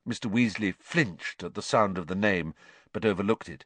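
A man reading an audiobook aloud, narrating in an expressive storytelling manner. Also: on the low side, moderate pace, no room sound.

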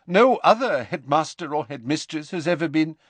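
A stern, brisk elderly headmistress, as a male audiobook narrator puts her on, in a raised, clipped voice. She speaks in a lively, commanding way, and the close, dry recording keeps her crisp. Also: fairly high pitch, no echo, voice pushed up.

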